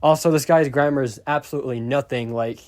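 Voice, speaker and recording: A man's voice: mid-range voice, steady tone, quick pace, a little mellow. Rambling, exasperated young-sounding man. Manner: rambling, exasperated, swears freely. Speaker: YouTuber. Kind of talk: casual storytime rant.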